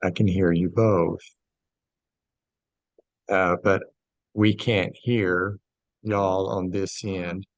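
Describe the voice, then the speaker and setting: An older man with a gravelly voice on a video call, speaking slowly and fumbling with his audio settings. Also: deep voice, flat delivery, no room sound. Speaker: class participant.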